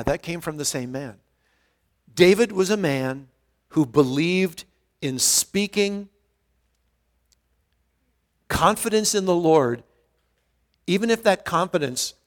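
Emphatic pastor preaching a sermon. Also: male voice, fairly high pitch. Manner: earnest, emphatic, repeats key phrases, restarts often.

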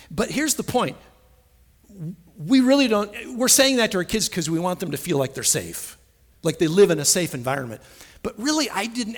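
Emphatic preacher man in a reverberant hall. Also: high voice. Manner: emphatic, repeats phrases, swings between soft and loud. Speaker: pastor. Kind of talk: sermon.

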